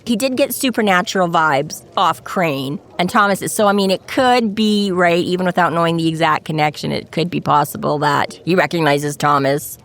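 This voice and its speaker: A woman co-hosting a book podcast in casual chat, animated and profane. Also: fairly low pitch, moderate pace, hardly any pauses. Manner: animated, swearing, acts out book scenes. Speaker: podcast co-host.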